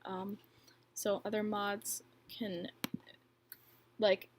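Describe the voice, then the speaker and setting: Young woman, livestream host, casual chat, lots of ums and likes, laughs often, mid-pitched voice. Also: little pitch movement, very slow, a little hiss or hum. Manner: chatty, filler-heavy, laughs often. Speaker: livestream host and bracelet maker.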